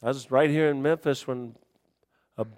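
A man preaching a sermon in folksy dialect, swinging between shouted warnings and hushed, quiet storytelling. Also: medium pitch, steady tone, moderate pace, no room sound.

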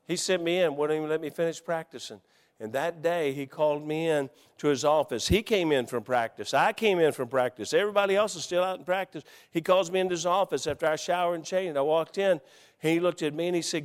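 A middle-aged man with a drawl preaches through a story, folksy and animated, acting out every quote. His voice sits fairly high and sounds smooth and resonant. A long reverb trails after him in a large hall. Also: a little fast. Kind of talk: storytelling sermon.

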